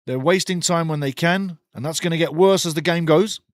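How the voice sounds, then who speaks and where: Animated man calling a match, dry sound. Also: fairly quick, dry recording. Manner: animated, opinionated, swings from excited calls to low asides. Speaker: watchalong host commentating a match. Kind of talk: live match commentary with chat replies.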